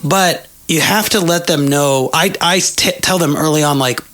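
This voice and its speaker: A man, a puppeteer and director, talking animatedly as an interview guest, full of quick asides and fillers. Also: a little high, fairly bright tone. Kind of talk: casual interview chat.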